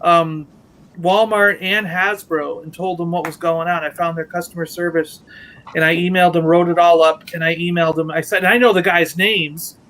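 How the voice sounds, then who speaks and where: A man's voice: on the high side, steady tone, normal speed, a bit bright, a little hiss or hum, low-quality recording. A man co-hosting a casual toy-collecting livestream, telling a long story in a rambling way, restarting and acting out what others said. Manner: rambling, retells conversations with restarts. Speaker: Lego merchandising rep.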